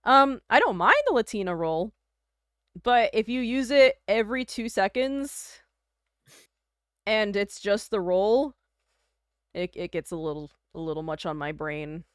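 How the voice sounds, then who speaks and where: A young Canadian woman streams from home, her voice smooth and resonant in a very dry close-miked sound. She rambles in easy casual chat, full of fillers and giggles. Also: mid-range voice, a little slow, pauses often, dry recording. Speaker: livestreamer.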